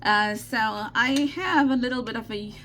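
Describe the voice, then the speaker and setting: A woman's voice: a little high, unhurried, bright, forceful tone, slight background noise. Chatty South African Indian woman. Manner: chatty, repeats herself, frequent "okay" check-ins. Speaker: craft channel host. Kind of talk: casual craft tutorial.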